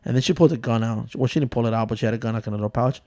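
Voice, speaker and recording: A man's voice: mid-range voice, very fast, warm tone, dry recording, studio quality. A man in his thirties co-hosting a casual podcast, telling stories with loose jokes, swearing and frequent laughs. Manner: loose, joking, swears a lot, laughs often. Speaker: podcast co-host.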